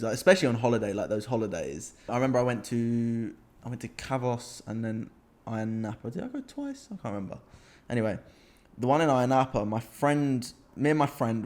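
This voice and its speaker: A young British man swaps wild holiday stories in a loose, animated podcast chat. His voice sits at a middle pitch, and he laughs his way through the tales. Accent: British English. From Britain. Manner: animated anecdote-telling, laughs often. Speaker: podcast co-host. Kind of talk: casual storytelling chat.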